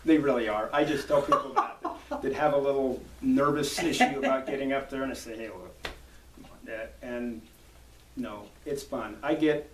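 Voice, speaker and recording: A man chats as a cowboy poet guest in a folksy, storytelling way. His voice sits at a middle pitch. He is recorded in an echoey room from a distance, with a faint hiss behind him. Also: moderate pace. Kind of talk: casual interview chat.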